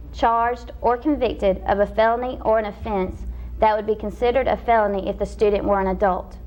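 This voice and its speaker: A young woman from Georgia on a student debate panel, reading legal policy points in a steady, formal way. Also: on the high side, slight background noise, low-quality recording. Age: young adult. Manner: reads legal text steadily, speeding up through citations.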